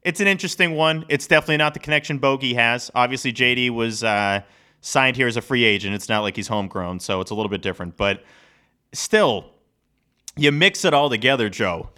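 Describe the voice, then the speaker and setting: A man co-hosting a podcast in casual, rambling sports chat, animated and laughing often. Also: medium pitch, brisk, clear, resonant tone. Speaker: podcast co-host.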